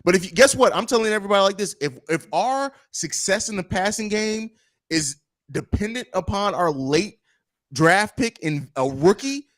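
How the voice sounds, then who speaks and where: A man's voice: sits high, lively intonation, moderate pace, a bit bright, no echo, studio quality. A man hosting a sports podcast, losing his voice and ranting with passion and repetition. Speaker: podcast host. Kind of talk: heated sports podcast talk.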